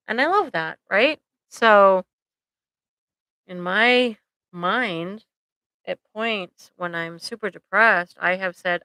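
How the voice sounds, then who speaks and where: A woman therapist talks casually to her viewers on a live stream, tossing in "like" and "right?" as she goes. Her voice is bright and smooth. It is recorded dry and close on a computer microphone. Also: mid-range voice, slow, pauses often, dry recording, rough recording. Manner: chatty, conversational, frequent "like" and "right?" tags; directly addresses viewers.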